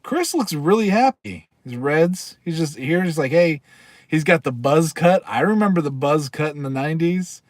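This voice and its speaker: A man's voice: on the high side, moderate pace, few pauses, no echo. A man hosting a casual livestream, rambling and reading aloud while chatting with viewers and laughing often. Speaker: livestream host. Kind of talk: casual live-stream chat.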